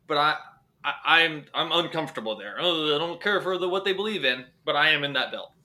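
A man from North Carolina co-hosting a podcast, chatting casually with dry, deadpan jokes. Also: fairly high pitch, brisk. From North Carolina, USA. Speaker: podcast co-host.

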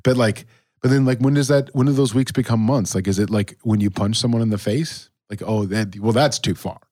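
Speaking fairly quickly in a low, dark-toned voice, a man co-hosts a church podcast and rambles about faith with plenty of fillers and false starts. The recording is dry and studio quality.

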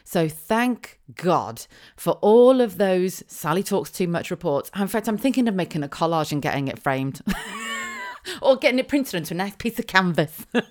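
A middle-aged woman hosting her own podcast, talking casually on her own, with quick asides, rhetorical questions and frequent laughs. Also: fairly low pitch, huge pitch swings, a little mellow. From England (Wiltshire). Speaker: podcast host. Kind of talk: casual solo podcast monologue.

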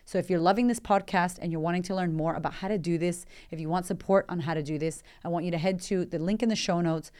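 A life coach in her thirties hosts a motivational podcast, speaking energetically and conversationally while firing off rhetorical questions. Her voice is on the low side, and she talks fast with few pauses.

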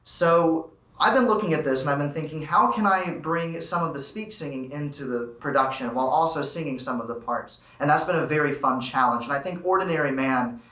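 A male high school student earnestly explaining stage dialects and his favorite song in a musical. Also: brisk, bright, forceful tone, roomy sound, low-quality recording. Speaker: student actor.

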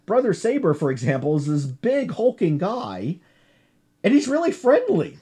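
Man lecturing to a class, chatty and digressive, lively pitch, warm dark tone. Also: normal speed, slightly rough.

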